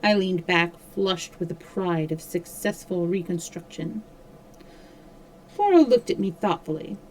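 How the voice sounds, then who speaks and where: A woman reading a mystery novel aloud on a livestream, steady with small slips and self-corrections. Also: fairly low pitch, unhurried, poor audio. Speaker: storyteller.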